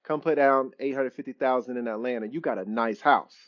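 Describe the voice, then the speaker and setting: A man's voice: medium pitch, fairly quick, lo-fi sound, lightly acted. A man acting out a proud, wounded father who lectures his son about all the money he earned. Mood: indignant.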